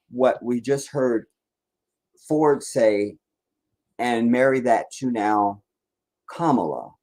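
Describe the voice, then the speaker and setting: A man's voice: mid-range voice, a little mellow, rough recording. A man giving casual live-stream political commentary in a blunt, rambling, profane rant.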